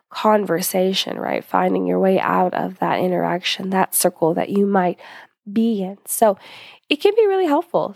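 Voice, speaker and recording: A woman's voice: mid-range voice, creaky, darkish tone, no echo, studio quality. A young woman talking casually as a host giving advice, chatty with lots of fillers, a little short of breath. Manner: chatty, many fillers and asides.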